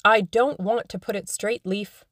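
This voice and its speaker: A woman reading an audiobook, voicing a petulant young gentleman who answers curtly and impatiently. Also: mid-range voice, fairly even intonation, a little slow, dry recording, clean studio sound. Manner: curt, impatient.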